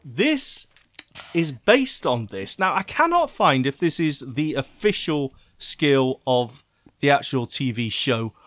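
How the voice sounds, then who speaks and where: A man's voice: medium pitch, sing-song, a bit bright, dry recording. A British man co-hosting a podcast in a chatty, joking way. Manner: chatty, jokey, quick to laugh. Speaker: podcast co-host. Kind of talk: casual chat.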